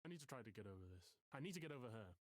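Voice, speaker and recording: Casting: actor as a brooding, wordy English professor, game dialogue, dry close sound. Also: male voice, mid-range voice, very animated, very fast, dry recording, lightly acted. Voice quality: florid, theatrical way of talking. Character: self-pitying male English professor, melodramatic, wordy. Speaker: therapy client. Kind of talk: video game voice acting.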